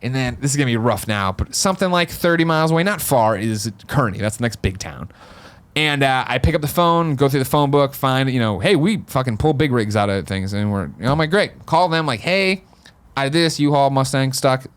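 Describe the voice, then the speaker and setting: A man from the Midwest talks quickly and loosely on a podcast. He tells a long story and acts out the people in it, jumping into their voices. His pitch sits in a middle range. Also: lively intonation, fairly bright tone. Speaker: podcast host. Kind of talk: casual storytelling.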